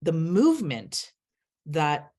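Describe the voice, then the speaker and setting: A woman's voice: low-pitched, huge pitch swings, slow pace, darkish tone. A middle-aged woman, a guest, speaking earnestly in a candid interview and laughing as she tells stories.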